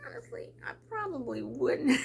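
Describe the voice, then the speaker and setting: A woman's voice: high voice, sing-song, normal speed, gravelly, a little hiss or hum. A middle-aged woman talking casually to camera in a lunchtime vlog, chatty, repeating her words and laughing often. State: teary. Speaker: vlogger.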